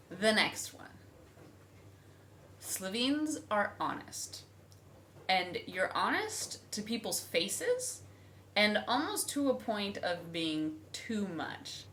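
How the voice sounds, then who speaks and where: A woman's voice: on the low side, a little hiss or hum. A young woman chatting casually on her vlog, telling stories and acting out other people's voices. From United States. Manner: animated storytelling, acting out voices. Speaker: vlogger. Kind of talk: casual chat.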